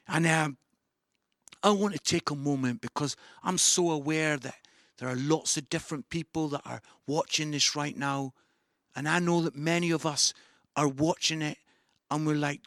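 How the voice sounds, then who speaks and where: A man preaching an online sermon, animated and enthusiastic, shouting some lines and growing soft and low at others. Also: creaky, no echo, studio quality. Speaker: pastor.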